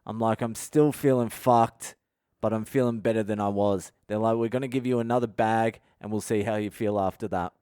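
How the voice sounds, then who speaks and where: A man's voice: on the low side, steady tone, brisk, warm tone, clear, resonant tone, dry recording, studio quality. An Australian man, a comedian hosting his own podcast, telling a personal story frankly and swearing constantly, acting out the dialogue he quotes.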